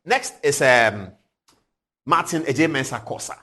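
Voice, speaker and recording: A man in his forties with a Ghanaian English accent, hosting a TV show, telling stories with animated energy and frequent chuckles. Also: mid-range voice, a little slow, breathy edge. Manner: animated, chuckling, swings from loud to hushed. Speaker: TV show host. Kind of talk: lively commentary and storytelling. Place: TV studio.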